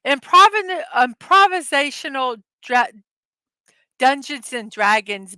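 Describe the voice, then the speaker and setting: A bright, high-pitched woman in middle age chats slowly and warmly through her morning show, giggling often. The sound is close and dry, with no room around it. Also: animated, dry recording. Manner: giggly, chatty, frequently laughing at her own jokes. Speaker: host of a daily morning show. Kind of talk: casual livestream chat reading memes.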